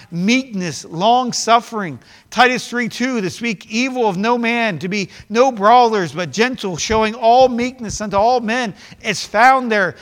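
A man with a high voice preaches earnestly, quoting scripture and stumbling into repeated words as he goes. His voice rings out with a long reverb around a church hall. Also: fairly bright tone. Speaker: pastor. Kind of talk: sermon.

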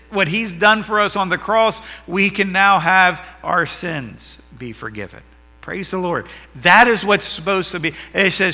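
Male pastor mid-sermon, high bright voice in a reverberant hall, emphatic rises and drops. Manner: preaching with rising and falling emphasis.

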